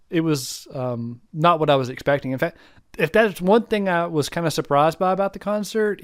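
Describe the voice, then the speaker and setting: A man's voice: on the high side, dry recording, studio quality. A young man from the United States, co-hosting a podcast in casual chat, rambling through a reflective story. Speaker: podcast co-host.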